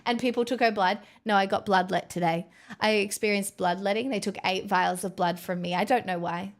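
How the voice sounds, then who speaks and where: A woman's voice: mid-range voice, fairly even intonation, fairly quick. A woman livestreamer chatting casually on a headset mic, bubbly and rambling with self-mocking jokes.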